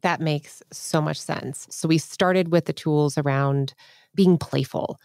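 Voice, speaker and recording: A woman's voice: low-pitched, fairly even intonation, takes it slowly, creaky, a little mellow, dry recording, clean studio sound. A woman hosting an interview, summarizing and affirming before asking questions. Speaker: interviewer host.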